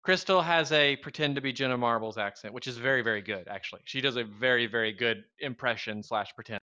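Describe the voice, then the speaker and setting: A man's voice: mid-range voice, fast, pushed and bright, muffled recording. A man in his thirties from the Southern US, co-hosting a live stream in a wry, rambling, joking way. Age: 30s. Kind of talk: casual live stream chat.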